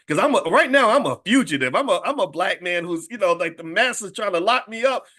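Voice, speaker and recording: A man's voice: a little high, animated, fairly quick, a bit bright. A middle-aged man and channel host casually telling a personal story, often restarting sentences and repeating words as he goes. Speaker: finance educator and channel host.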